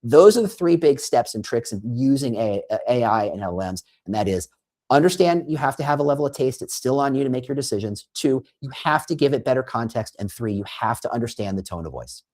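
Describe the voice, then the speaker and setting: A man with a husky, breathy edge talks fairly quickly through his ideas in a lively, bouncing pitch, as an animated guest expert on recruiting in a conversational interview. He often stumbles and restarts, slipping into little acted-out quotes to make his point.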